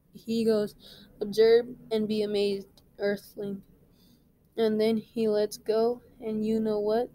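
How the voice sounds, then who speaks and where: Woman teacher reading a novel aloud, slow pace, flat even tone, unhurried, small slips. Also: mid-range voice, no room sound, rough recording.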